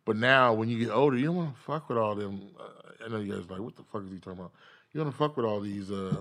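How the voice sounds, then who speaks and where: A man, a comedian, telling stories in casual chat, laughing often and acting out his own quotes loudly. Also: fairly low pitch, quick pace. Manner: animated, laughing, profane, acts out quotes loudly.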